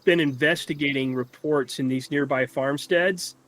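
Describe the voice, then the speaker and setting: A man running a tabletop game as game master, narrating haltingly and searching for words. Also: fairly high pitch, steady tone, a bit bright.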